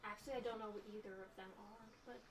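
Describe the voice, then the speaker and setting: A woman's voice: mid-range voice, steady tone, quick pace, distant mic, background noise. A woman playing a tabletop game, speaking casually and partly in character. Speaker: player.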